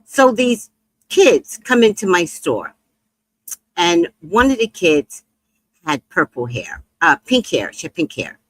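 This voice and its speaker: A middle-aged woman tells a casual story about her shop at a slow pace, getting animated and swooping up high whenever she imitates other people. There's no echo on the recording.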